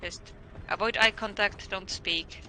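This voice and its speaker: Guy talking slow, really bright sharp voice, stumbles and repeats himself. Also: sits high, steady tone, poor audio. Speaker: gaming stream co-host. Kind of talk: casual chat.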